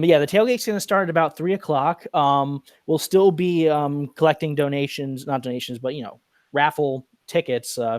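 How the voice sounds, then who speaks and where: A man's voice: medium pitch, a little mellow, dry recording. A man organizing supporters' events, chatting casually with many fillers as he lays out practical plans. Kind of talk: casual chat.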